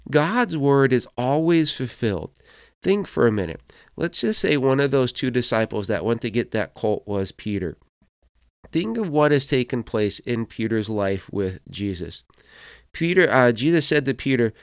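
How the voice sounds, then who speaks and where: A man's voice: medium pitch, big pitch swings, moderate pace, clean tone, no echo, studio quality. A man, a pastor, giving a sermon, telling a personal story and acting out quoted voices as he goes.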